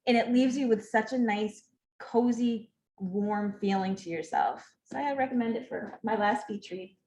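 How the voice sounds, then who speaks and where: A woman's voice: mid-range voice, normal speed, mellow, a little hiss or hum. A woman from the library staff gushing about a sweet book she recommends. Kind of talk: casual book talk. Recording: echoey room.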